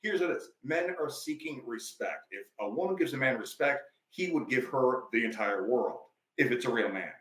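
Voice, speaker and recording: A man's voice: mid-range voice, animated, moderate pace, few pauses, fairly bright tone, echoey room, poor audio. A male life coach, a podcast guest, telling stories emphatically in a preachy, conversational way.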